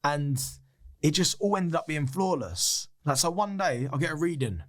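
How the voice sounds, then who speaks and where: A man's voice: a little high, normal speed. A man, a podcast guest telling a personal story in a casual, candid way, swearing freely and acting out what others said. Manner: swears freely, acts out other people's lines; animated, excitable retelling.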